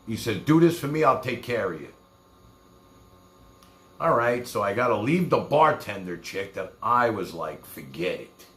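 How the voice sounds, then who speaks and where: A man's voice: mid-range voice, a bit bright, echoey room. A man from New York with a New York accent, telling rambling, profane stories in casual talk as a streamer. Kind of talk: casual storytelling.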